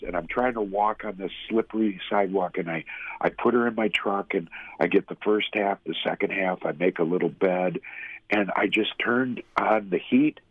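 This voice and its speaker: A man's voice: deep voice, normal speed, breathy edge, no room sound. A man earnestly and emotionally telling his personal story as a guest. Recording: tinny phone-like sound.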